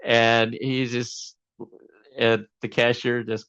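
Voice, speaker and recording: A man's voice: medium pitch, flat delivery, takes it slowly, fairly bright tone, smooth, no room sound, muffled recording. A man being interviewed as a guest, telling a long story casually with many fillers and restarts.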